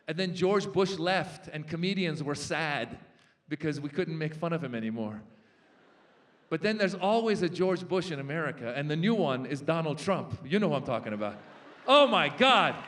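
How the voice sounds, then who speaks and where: High-pitched comedian guy on a big stage, animated, jumps into voices and punchlines. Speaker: stand-up comedian. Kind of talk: stand-up comedy set. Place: large festival stage before a live audience.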